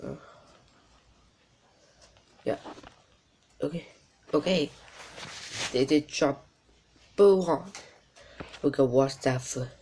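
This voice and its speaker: A man hosting his channel, reacting to a video in halting casual commentary full of fillers and repeats. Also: fairly high pitch, darkish tone, a little hiss or hum.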